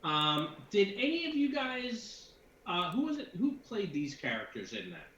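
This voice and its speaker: Man, game master, rambling, lots of fillers, slightly high pitch, roomy lo-fi sound. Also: huge pitch swings, unhurried, sharp tone. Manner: rambling, many fillers and restarts. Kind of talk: narrating a tabletop game with players. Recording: echoey room, dull lo-fi sound, faint noise.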